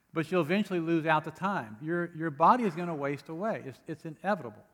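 Speaking a little fast in a highish, fairly bright voice, a male pastor preaches with earnest emphasis, rising in bursts on key phrases and offering occasional light humor between readings. The sound carries a long hall reverb.

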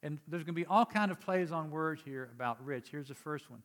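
A man delivers a sermon to his congregation in a fairly high voice. He talks in a conversational way, dropping quiet for explanation and rising for emphatic urging. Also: brisk. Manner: conversational preaching, swings from soft to emphatic. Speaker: pastor.

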